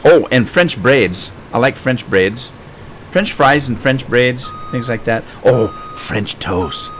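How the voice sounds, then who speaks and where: A man's voice: mid-range voice, lively intonation, slow pace, fairly bright tone. Chatty streamer man, faint hum. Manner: chatty, joking, reads chat aloud. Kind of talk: casual game live stream.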